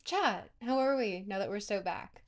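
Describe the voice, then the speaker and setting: A woman's voice: medium pitch, animated, moderate pace. A woman hosting a casual livestream, rambling and joking as she talks directly to her chat viewers. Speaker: livestream host.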